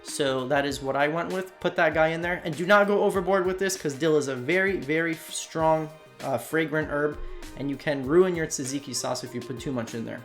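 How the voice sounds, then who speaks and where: A man's voice: fairly high pitch, a little fast, faint music behind. Chatty man narrating a cooking voiceover. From Slovakia. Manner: casual, chatty, addresses viewers as "you guys". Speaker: cooking channel host. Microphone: voiceover recorded separately from the video.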